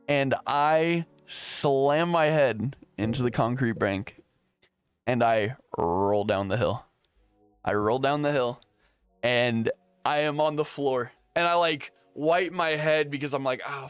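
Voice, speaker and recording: A young man telling a story casually, slangy and animated, playing out his own past lines. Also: fairly high pitch, clear, resonant tone, dry recording.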